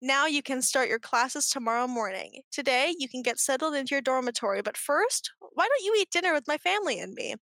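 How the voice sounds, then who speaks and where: A woman reading aloud as a gentle old reverend man who beams and preaches. The voice stays high and bright, close to the reader's own. It is dry and close up. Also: lively intonation, fairly quick, hardly any pauses, dry recording. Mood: kindly. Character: kindly old male reverend headmaster with southern twang.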